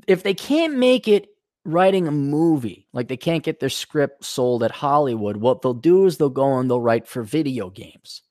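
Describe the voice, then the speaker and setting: Unhurried and medium in pitch, a male podcast host rants sarcastically and indignantly in a casual monologue, cursing with energy and frequently putting on voices to mock characters. The recording is dry, with a clean studio sound.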